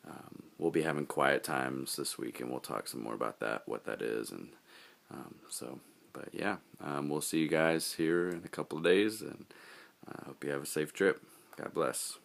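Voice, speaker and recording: A man leading a group, giving relaxed, halting closing remarks full of fillers. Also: extremely low pitch, creaky. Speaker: group leader addressing a mission team.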